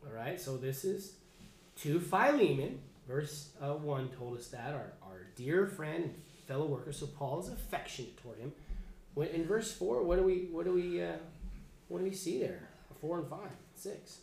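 Guy teaching a bible class, kinda high voice, super casual, lots of restarts, echoey room. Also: lively intonation, moderate pace, creaky, a little mellow. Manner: casual, chatty, restarts a lot. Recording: echoey room, faint background noise.

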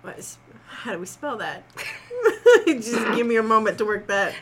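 A woman's voice: on the high side, sing-song, normal speed, a bit bright. A woman co-hosting a podcast, chatting casually, giggly and playful with wordplay. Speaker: podcast co-host. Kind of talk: casual chat.

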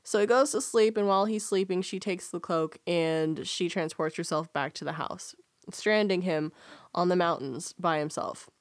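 A woman's voice: lowish voice, normal speed, no room sound, studio quality. A young woman in casual chat, retelling a fairy tale with giggles and lots of "just like".

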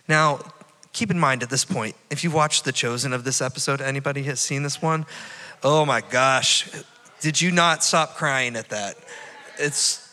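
Bright-voiced man preaching in a hall. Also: on the high side, normal speed. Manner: animated storytelling, acting out Bible dialogue. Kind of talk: sermon. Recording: long reverb of a church hall.

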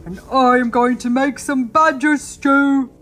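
Woman playing a storybook monster, male, boastful, nervous underneath, loud growling boasts, raised voice, higher than her own. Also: fairly even intonation, unhurried. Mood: blustering.

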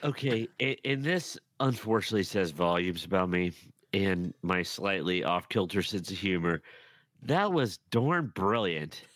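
A man in a casual group chat, reacting slowly and chuckling. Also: low-pitched, fairly bright tone, no echo.

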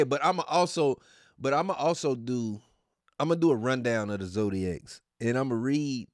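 Male podcast host, pitched a bit high, casual profane rant with a mocking tone, dry close mic. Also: darkish tone, no echo. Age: adult. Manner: profane, mocking, laughs often.

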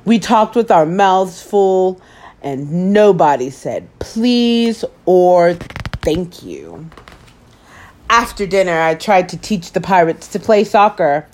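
A woman hosting story time, reading a children's picture book aloud with expressive, animated delivery. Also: lowish voice, slow pace.

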